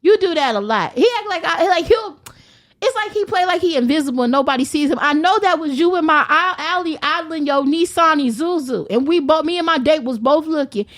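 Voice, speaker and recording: A young woman, a podcast guest, ranting in loud, brash, profane casual chat and laughing as she goes. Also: high-pitched, animated, a little fast.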